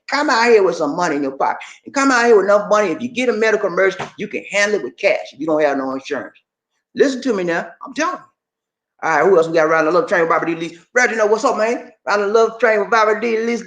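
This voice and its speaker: Racing along in a high, expressive, slightly bright voice, a male streamer from Georgia, USA, chats casually with his livestream. He comes across as blunt and preachy, with a roomy echo on the recording.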